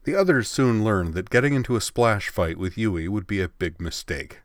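Deep-voiced guy reading a story, measured and expressive, dry close sound. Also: dry recording. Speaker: narrator. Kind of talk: storybook narration.

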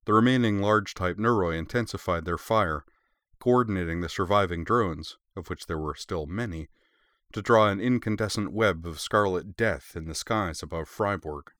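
Male storyteller with a very low voice, measured and steady, dry close sound. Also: no room sound. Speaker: audiobook narrator. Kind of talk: scripted narration.

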